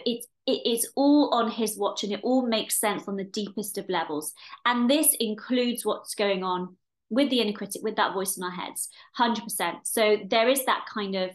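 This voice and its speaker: A woman in her forties hosting a solo podcast, talking frankly and animatedly, swearing freely and often restarting her sentences. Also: mid-range voice. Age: 40s. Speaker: podcast host and coach. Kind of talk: casual solo podcast talk.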